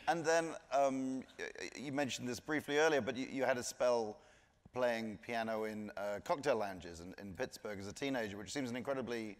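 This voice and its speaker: A man's voice: mid-range voice, moderate pace. A man interviewing on stage, politely asking his questions with a few stammers. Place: large auditorium. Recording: hall with audience. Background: audience.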